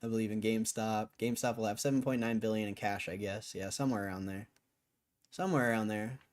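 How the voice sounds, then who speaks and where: A man's voice: fairly low pitch, steady tone, quick pace. A man on a live stream, arguing with his chat in a casual, cussing way, tired after hours on air. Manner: argumentative, swears, laughs between lines. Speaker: livestreamer.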